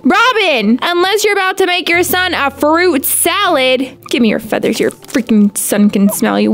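A woman giving casual, sassy commentary while playing a game, scolding the in-game birds and squealing when excited. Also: high-pitched. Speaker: gaming YouTuber.

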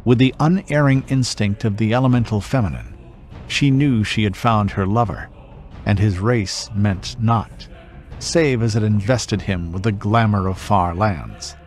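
Slow, grave man reading an epic. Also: lowish voice. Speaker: reviewer reading a passage aloud. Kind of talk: dramatic story reading. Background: soft background music.

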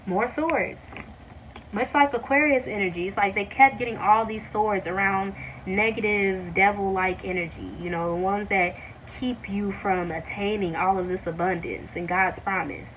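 A woman giving a casual tarot reading to her viewers, talking warmly to them as y'all and breaking into excited exclamations. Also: medium pitch, distant mic, a little hiss or hum, low-quality recording. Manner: excited, animated bursts with drawn-out exclamations; addresses viewers as y'all, many fillers. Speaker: tarot reader.

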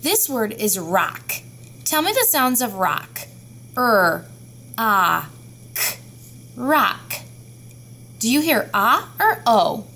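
A woman teaching a phonics lesson to young children, sounding out each letter slowly and clearly. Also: on the high side, very animated, bright, forceful tone.

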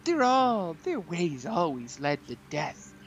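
A gamer voicing a preachy, mock-reverent guide figure in a Bible video game, with slow, preachy delivery. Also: mid-range voice, big pitch swings, dull audio, faint music behind. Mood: mock solemn. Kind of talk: comic voice-over of a game.

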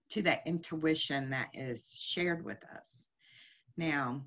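A woman's voice: deep voice, fairly bright tone. A woman giving a heartfelt, conversational spiritual teaching lecture at a chapel service, often asking her listeners questions. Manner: heartfelt, asks the congregation many questions.

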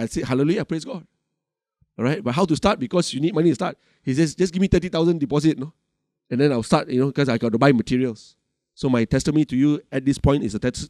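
A man's voice: mid-range voice, darkish tone, no room sound, studio quality. A middle-aged male pastor with a Malaysian English accent, preaching a sermon in a conversational way, telling a personal story with lots of asides and fillers.

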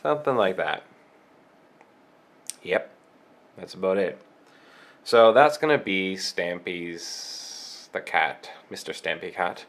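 A man's voice: low-pitched, slow, long pauses, a bit bright. A man with a cold who hosts a drawing tutorial, talking through each stroke step by step and thinking aloud as he draws. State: has a cold.

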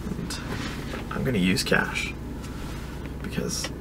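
A man's voice: takes it slowly, heavy background noise. A man vlogging from inside a car, talking casually in a dry, self-mocking, offhand way. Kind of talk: casual vlog talk. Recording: music playing behind the voice. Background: music playing in the car.

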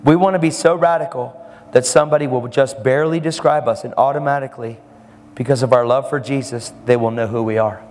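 A man's voice: mid-range voice, fairly even intonation, brisk, a little mellow. A man preaching a sermon, telling a story and acting out the people in it. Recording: live hall with long reverb and faint ambience.

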